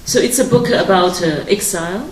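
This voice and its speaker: A woman from China talks on stage in plainly Chinese-accented, broken English, restarting her sentences often. Her voice sits a little low and is heard from a distance across a large, echoing event hall. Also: moderate pace, slight background noise. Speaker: writer and guest speaker. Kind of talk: public talk on stage. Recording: roomy hall, speaker far from the mic.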